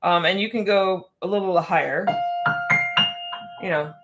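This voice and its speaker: A woman's voice: fairly low pitch, measured pace, dull audio. A woman piano technician answering viewer questions on a casual livestream, chatty and a bit scattered, with frequent restarts and laughter.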